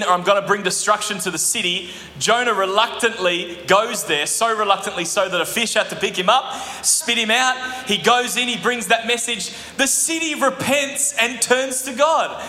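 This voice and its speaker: A male pastor delivers a lively sermon, breaking into joking asides to his congregation. His voice sits high and sounds bright and forceful. He is recorded in a church hall with long, echoing reverb and a faint room hum behind him.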